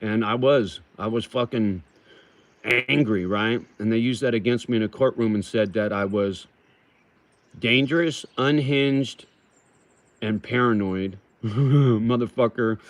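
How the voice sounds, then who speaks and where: A middle-aged man hosting a casual livestream, reading viewers' comments aloud slowly and answering them in a rough, swearing manner, calling them brother. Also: lowish voice, no room sound. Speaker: livestream host reading chat.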